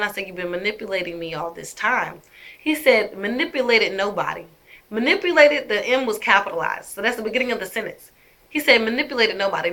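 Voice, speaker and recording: A woman's voice: mid-range voice, pushed and bright. A woman telling her own story to her viewers, emphatic and indignant as she picks apart messages. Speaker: vlogger. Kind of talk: personal storytelling to camera.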